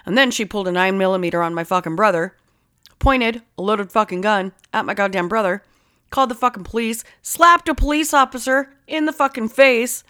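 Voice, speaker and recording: A woman at a middle pitch, talking casually and swearing through nearly every line. She tells a story with heat and animation, jumping between details as it spills out. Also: a little fast, bright, forceful tone. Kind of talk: casual chat.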